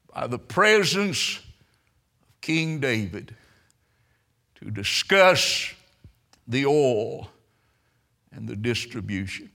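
A man preaching a sermon, telling stories and swelling into loud, emphatic preaching. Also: medium pitch, big pitch swings, very slow, creaky, pauses often.

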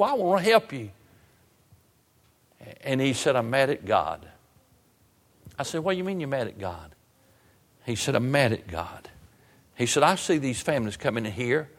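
A man preaching a sermon, retelling a story with many restarts and repeated words, and climbing high and loud when he retells his pleas. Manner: repetitive restarts, rising to raised emotional pitch when retelling his pleas. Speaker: pastor.

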